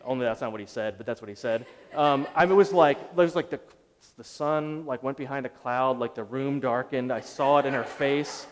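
A middle-aged male pastor preaching a sermon, telling a story on himself in an animated, self-deprecating way. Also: medium pitch, a little fast. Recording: long reverb of a large hall.

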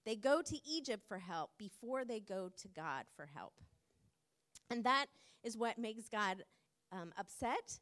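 A woman preaching a sermon in an earnest, measured way, with frequent pauses and fillers. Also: on the high side, sing-song, a bit bright.

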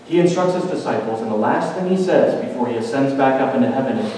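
A man preaching a sermon, building to intense climaxes and dropping to hushed, quiet emphasis. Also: mid-range voice, animated, quick pace, hardly any pauses, a little hiss or hum. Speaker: pastor. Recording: roomy hall reverb, mic at a distance.

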